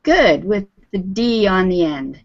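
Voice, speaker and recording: Brief: unhurried woman English teacher, encouraging, muffled video-call sound. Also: medium pitch. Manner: patient, encouraging, calls on students by name. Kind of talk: live online group lesson. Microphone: video call audio. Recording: dull lo-fi video call audio.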